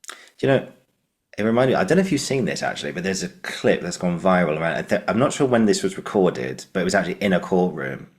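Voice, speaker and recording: A man's voice: deep voice, animated, quick pace. A man hosting a podcast, telling a long anecdote with lots of fillers and asking his guest questions. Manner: rambling storyteller with many fillers. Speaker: podcast host. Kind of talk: casual interview chat.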